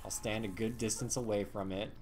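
A man's voice: fairly low pitch, fairly even intonation, fairly quick, darkish tone, slight background noise. A man in casual gaming banter with a friend, joking and defensive, laughing often. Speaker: gamer co-streaming.

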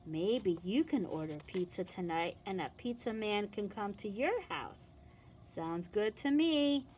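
A woman, a children's librarian, reading a picture book and singing a song to young children in an animated, sing-song manner. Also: medium pitch, unhurried, slight background noise.

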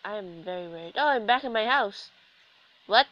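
Sick girl doing let's play commentary, sore throat, bright voice, chatty and kinda sarcastic. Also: medium pitch, animated, moderate pace, lo-fi sound. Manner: chatty, self-deprecating, sarcastic asides. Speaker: gaming commentator.

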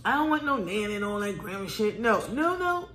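A woman's voice: mid-range voice, a little fast. A middle-aged mother chatting at home, blunt and unfiltered, cursing as she talks. Her voice swings widely up and down, and the room gives it a roomy echo with faint noise behind. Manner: candid, blunt, swears freely, animated. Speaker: mother of the host, guest. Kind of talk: casual family chat over a meal.

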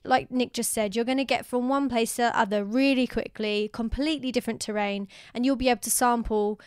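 A woman's voice: a little high, fairly even intonation, a little fast, clean tone, no echo, clean studio sound. A young woman co-hosting a travel podcast, chatting enthusiastically and giving advice. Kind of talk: casual chat.

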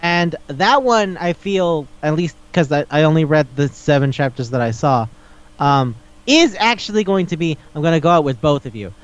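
Animated man recapping manga, smooth voice. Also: a little high, normal speed, dull audio. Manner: animated recapping, acting out quotes, swears freely. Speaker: podcast co-host. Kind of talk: casual chat.

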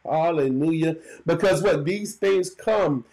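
A man's voice: on the high side, slow pace, darkish tone, poor audio. A man preaching a church sermon, calling out to the congregation in call-and-response. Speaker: pastor.

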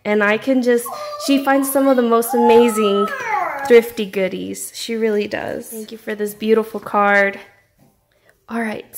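A woman, gushing as she unboxes crafts in a casual home vlog. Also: on the high side. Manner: effusive, gushing. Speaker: craft vlogger.

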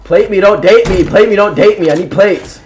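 This young streamer's voice is high-pitched and a little fast, with slight background noise. He chats casually with viewers while gaming, playful and teasing, throwing out slang, repeated phrases, and trash talk.

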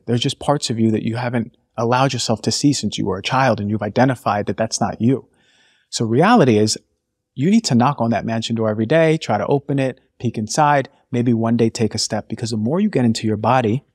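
A man's voice: medium pitch, brisk, a little mellow, husky, no room sound, studio quality. A man speaking as a naturopathic doctor guest on a podcast, impassioned, voicing inner thoughts aloud. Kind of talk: conversational podcast interview.

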